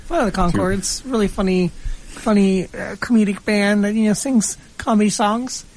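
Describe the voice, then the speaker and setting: A woman's voice: mid-range voice, fairly even intonation, normal speed, a little mellow, slight background noise, rough recording. A young woman co-hosting a college radio show, talking in a bubbly, enthusiastic and playful way. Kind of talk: casual radio chat.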